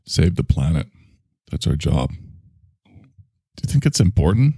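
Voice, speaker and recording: A man's voice: extremely low pitch, sing-song, unhurried, warm tone, breathy edge, no room sound, clean studio sound. A man hosting a solo comedic monologue, rambling in a wry, self-mocking way. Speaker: host.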